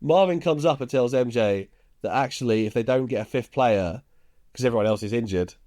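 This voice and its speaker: Brief: male podcast co-host, relaxed plot-recap delivery with easy chuckles. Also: medium pitch, fairly quick. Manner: laid-back storytelling, chuckles while recounting scenes. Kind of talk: casual film recap.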